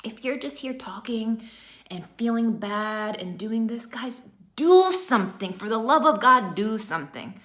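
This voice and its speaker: A woman's voice: a little high, animated, unhurried, fairly bright tone. A woman fitness coach in her thirties talks straight to her viewers on a live stream. She is emphatic and keeps hammering home short rallying phrases in a motivational tone.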